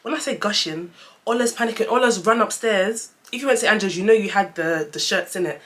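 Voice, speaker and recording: A woman's voice: mid-range voice, quick pace. Chatty young woman telling a story. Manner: chatty, animated storytelling, addresses viewers as guys. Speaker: vlogger. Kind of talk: story-time vlog.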